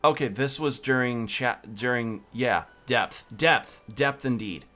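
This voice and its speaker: Guy streaming a game, super excited, keeps repeating himself, normal pitch. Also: slow pace, hardly any pauses. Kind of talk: casual let's-play commentary.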